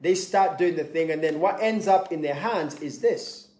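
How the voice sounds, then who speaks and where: Emphatic high-voiced male motivational speaker. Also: normal speed, a little mellow. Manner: emphatic, repeats key points, acts out little scenes. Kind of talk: motivational talk. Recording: echoey room.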